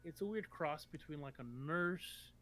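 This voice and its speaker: A man's voice: a little high, lively intonation, a little slow, a bit bright. A man narrating as game master for a tabletop game, rambling with many ums and restarts.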